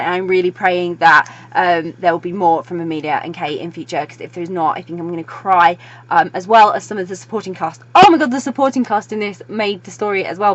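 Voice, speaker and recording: A young woman giving an excited book review, gushing and breathless, tumbling through her words with lots of fillers. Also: fairly low pitch. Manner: gushing, breathless, fast-talking with many fillers. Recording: dull lo-fi recording.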